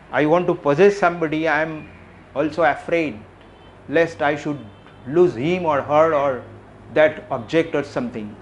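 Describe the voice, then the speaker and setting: Man giving a questioning talk. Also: fairly high pitch. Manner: questioning, repeats phrases, pauses often. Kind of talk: reflective public talk. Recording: faint background noise.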